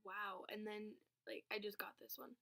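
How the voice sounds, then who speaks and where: A woman's voice: mid-range voice, level tone, normal speed, vocal fry, bright, forceful tone. A teenage girl chatting casually in a vlog, rambling through stories with lots of fillers. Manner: rambling storytelling, filler-heavy, laughs when angry. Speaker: vlogger.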